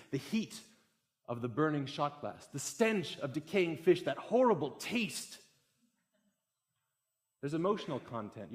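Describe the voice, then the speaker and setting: A young man giving a public talk, telling a story with growing excitement. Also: fairly high pitch. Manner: animated, builds excitement through a story.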